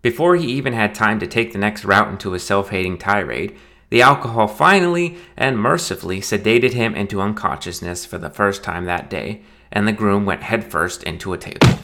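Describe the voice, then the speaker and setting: A man's voice: lowish voice, fairly quick, bright, forceful tone. A man narrating a short story aloud in a dry, wry storytelling manner. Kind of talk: scripted audiobook narration.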